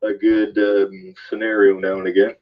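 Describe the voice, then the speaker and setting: Lowish-voiced guy, lots of ums and uhs, swears casually, chatting politics, muffled sound. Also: level tone, normal speed. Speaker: podcast co-host. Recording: dull lo-fi sound.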